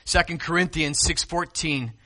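A high, bright-toned man delivers a sermon as pastor. He drops to hushed, quiet passages, then climbs to loud, emphatic peaks. He keeps asking his listeners questions. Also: normal speed. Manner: preaching with big swings from quiet to loud; asks the congregation questions.

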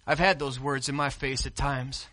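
A man preaching a sermon as pastor. He swings between hushed, quiet stretches and loud, emphatic peaks, and puts questions to the congregation. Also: medium pitch, flat delivery, moderate pace.

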